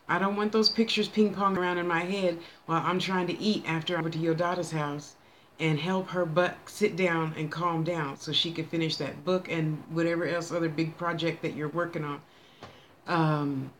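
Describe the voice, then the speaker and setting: This is a psychic medium giving a loose, casual reading out loud. The voice is folksy and talkative, drawing words out, scolding and thanking unseen spirits as if they were in the room. A faint hum of background noise sits under the talk. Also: medium pitch. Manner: chatty, folksy, bossy with spirits, drawn-out words.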